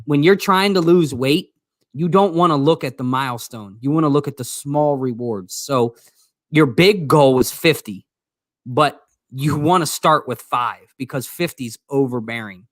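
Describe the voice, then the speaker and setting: A man's voice: mid-range voice, unhurried, no echo, clean studio sound. A man co-hosting a casual livestream, teasing his co-host, interrupting, and joking.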